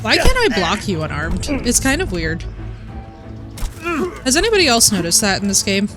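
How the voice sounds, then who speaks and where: A woman's voice: mid-range voice, wildly swooping pitch, normal speed. A young woman streaming a game, chatting casually and trash-talking with a playful, brash manner. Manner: brash, playful trash talk with frequent laughs. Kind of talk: casual gaming stream chat. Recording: game music playing behind.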